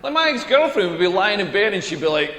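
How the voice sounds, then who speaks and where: A man's voice: high voice, very animated, fast talker, bright, forceful tone, heavily acted. A young man with a Scottish accent playing a crude stand-up comedian who rambles through stories in a comedy routine. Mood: rambling. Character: crude young male comedian bombing on stage. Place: comedy stage in a hall. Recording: echoey hall.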